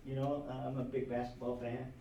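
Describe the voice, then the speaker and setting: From far off in an echoey classroom, a man lectures a history class with animated energy, tossing out rhetorical questions and chuckling asides. His medium-pitched voice sounds dark and flat, fairly quick, with dull audio and slight background noise.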